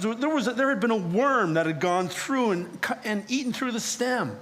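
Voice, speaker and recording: A male preacher delivers a theatrical sermon, telling the story in character in the first person. His voice sits a little high and leaps around expressively. He drops to hushed pleading, then rises into loud, exasperated outbursts. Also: lively intonation, moderate pace, hardly any pauses. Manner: theatrical, speaks in character as the prophet.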